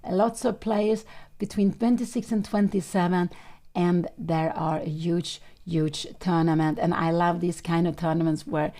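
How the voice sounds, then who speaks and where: A woman calls a chess game live, working through the moves out loud and stopping often to correct herself. Her voice is dark and gravelly, a little rough from the early hour, and her English is plainly not her first language. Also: fairly low pitch, steady tone, measured pace. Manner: analytical, thinking aloud with frequent self-corrections; non-native English phrasing. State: slightly rough early-morning voice, clearing throat. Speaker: chess commentator and host.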